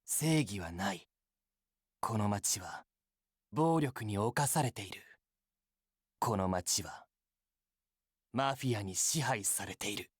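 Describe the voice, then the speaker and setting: A grave official reads a report on a crime-ridden city. The telling is solemn and measured, with a lively rise and fall in pitch. The sound is dry and close, with no room around it. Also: male voice, husky, no room sound. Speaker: game narrator. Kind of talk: scripted dramatic narration.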